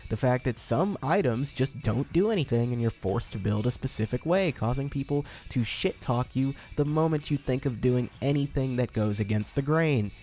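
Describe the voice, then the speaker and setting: A man hosting a commentary video in a sarcastic, deadpan way, with dry asides. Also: medium pitch, normal speed, hardly any pauses, soft background music. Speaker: YouTube commentator.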